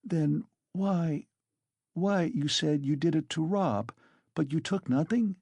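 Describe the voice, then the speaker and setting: A man's voice: fairly high pitch, slow, creaky, darkish tone, slightly rough, no room sound, voice pushed up, heavily acted. A man voicing a timid, pious young woman in an audiobook, asking beseeching questions in a raised voice.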